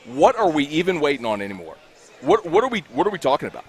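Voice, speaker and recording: Brief: high-voiced, Louisiana-accented sports radio host, furious, profane, shouting rant. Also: male voice, huge pitch swings, fast, creaky. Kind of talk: heated postgame talk radio rant. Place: cigar bar.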